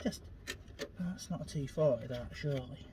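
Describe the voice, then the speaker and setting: A man's voice: mid-range voice, moderate pace. Grumbling man, noisy recording. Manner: grumbling, self-mocking muttering to himself. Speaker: home mechanic vlogger. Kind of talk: muttering commentary while working. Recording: loud background noise, workshop clatter.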